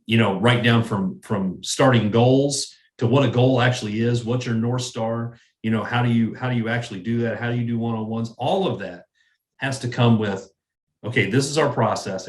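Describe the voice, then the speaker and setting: Earnest guy, lowish voice, restarts a lot, kinda echoey room. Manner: earnest, repeats words while thinking. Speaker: guest, sales manager. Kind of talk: interview conversation.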